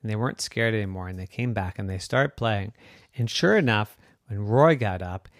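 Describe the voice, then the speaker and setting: A storyteller making up a children's story as they go, slow and wandering, with pauses and restarts. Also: mid-range voice, lively intonation, dry recording, clean studio sound.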